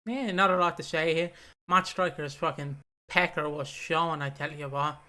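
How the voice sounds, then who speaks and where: Bright-voiced swearing podcast co-host man. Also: fairly high pitch, fairly even intonation. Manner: swearing, rambling, quick asides. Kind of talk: casual chat.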